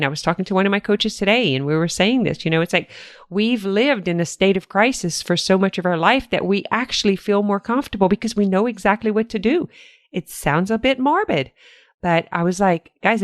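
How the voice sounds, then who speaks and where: A woman's voice: mid-range voice, no room sound, studio quality. An older woman hosting a solo podcast, talking in an earnest, encouraging way with repeated motivational phrases. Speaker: podcast host.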